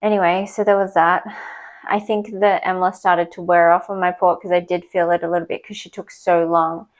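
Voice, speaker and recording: A woman's voice: fairly low pitch, little pitch movement, moderate pace, poor audio. Chatty young woman vlogging candidly. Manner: chatty, candid storytelling, retelling dialogue. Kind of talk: casual personal vlog. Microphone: small clip or desk mic, sometimes knocked.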